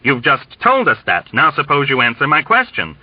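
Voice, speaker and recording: A man's voice: medium pitch, huge pitch swings, moderate pace, no echo, voice pushed up. A man voicing a bloated, bellowing army colonel who bullies and sneers, in a dull, dry recording. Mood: badgering. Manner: roaring, blustering and sarcastic.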